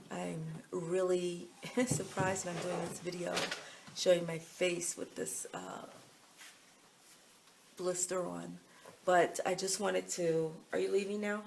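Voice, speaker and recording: A middle-aged American woman with an American accent, talking into a handheld phone out in town. Her voice has a gravelly fry, and she wanders from thought to thought with plenty of ums and likes. A faint hiss of outdoor noise sits behind her. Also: lowish voice. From United States. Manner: chatty, meandering, full of fillers. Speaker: vlogger. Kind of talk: casual rambling chat.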